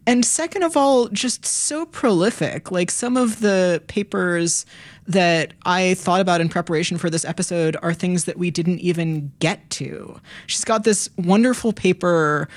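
A woman's voice: on the low side, measured pace, no echo. A woman co-hosting a public radio talk show, thoughtful and enthusiastic.

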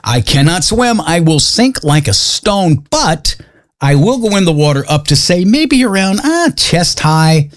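Lively high-voiced male radio DJ. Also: unhurried. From Mississippi, US. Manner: jokey, chatty, self-mocking. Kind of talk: upbeat radio banter. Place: radio studio.

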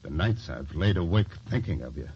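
A brash stable hand in a 1940s radio play, blunt and insistent. His voice is low and husky, and the recording is dull and lo-fi. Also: animated, brisk, a little mellow, heavily acted. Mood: ardent.

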